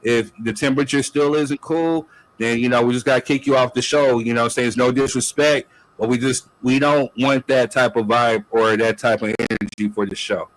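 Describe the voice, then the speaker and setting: Male host, casual chat, relaxed filler-heavy delivery, mid pitch. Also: a little fast, rough recording. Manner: laid-back, loose, repeats "you know what I'm saying". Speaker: podcast host.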